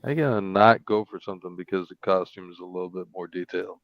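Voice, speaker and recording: A man joining a casual drawing-stream chat, ribbing the others with quick jokes. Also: sits low, dull audio.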